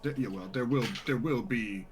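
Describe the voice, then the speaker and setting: A man's voice: medium pitch, moderate pace, over a noisy crowd, poor audio. A man playing a tabletop game, speaking in polite, stammering bursts. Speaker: player. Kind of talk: tabletop role-play.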